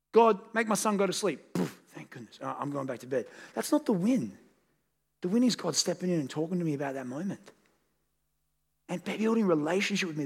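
A man's voice: a little high, creaky, husky. A man in his thirties preaching a sermon as a pastor, conversational and candid, rising to emphatic peaks on key points. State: tired.

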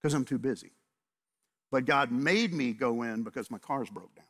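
Animated storytelling pastor, man. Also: mid-range voice, moderate pace. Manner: animated storyteller, acts out both sides of conversations. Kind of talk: sermon with storytelling.

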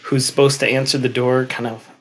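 A man telling an old story and reflecting on it, speaking gently and repeating words for effect. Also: medium pitch, little pitch movement, brisk, a little hiss or hum.

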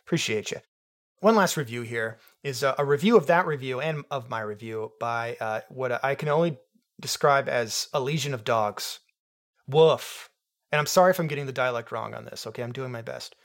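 A man doing a comedic film review monologue, deadpan and sarcastic with rambling asides. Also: mid-range voice, brisk.

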